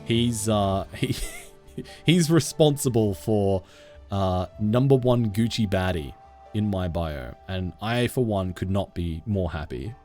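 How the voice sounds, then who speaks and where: A man's voice: on the low side, lively intonation, takes it slowly, a little mellow, faint music behind. A man streaming a game from home, chatting playfully with viewers and reading their messages aloud into a desk mic. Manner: playful, jokey, reads chat aloud. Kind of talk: casual live-stream chat with viewers.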